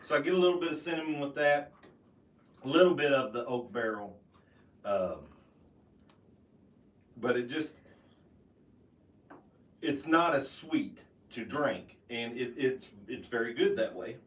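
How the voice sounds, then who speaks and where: A man giving a casual tasting review of bourbon, talking with halting restarts and fillers. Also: medium pitch, lively intonation, roomy sound, distant mic. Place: home basement room.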